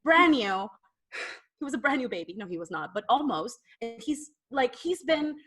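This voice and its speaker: A woman's voice: on the high side, very animated, normal speed, a bit bright. A woman co-hosting a wrestling podcast in casual chat, rambling and sighing as she builds her point. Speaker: podcast co-host.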